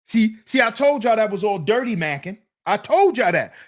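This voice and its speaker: Man mocking in slow, lively commentary. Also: high-pitched. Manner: mocking, drawn-out rhetorical questions, sing-song teasing. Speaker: commentary channel host. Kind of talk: reaction commentary to a clip.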